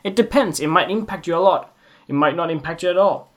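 A man's voice: a little high, fairly quick. Rambling, swearing man hosting a solo podcast. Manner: rambling, emphatic, swears often, asks the listener questions. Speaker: podcast host.

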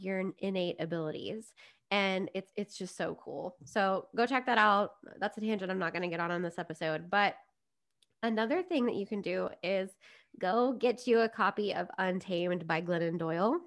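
A woman, a business coach chatting as a podcast guest, upbeat and digressive. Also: medium pitch. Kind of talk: casual podcast conversation.

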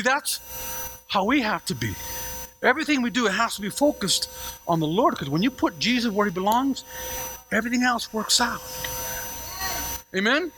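A man preaching a sermon as pastor, animated, calling on the congregation to repeat after him, with playful asides and repeated words. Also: high voice, slight background noise, low-quality recording.

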